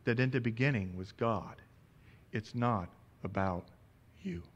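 A man in his forties, a pastor preaching a sermon, telling a lively personal story and acting out the dialogue. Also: lowish voice, unhurried, dull audio.

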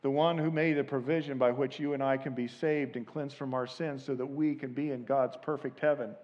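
A man preaching a sermon as pastor, moving from quiet, low asides to loud, shouted peaks and leading the congregation in call and response. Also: fairly even intonation, a little fast, dull audio. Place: church sanctuary.

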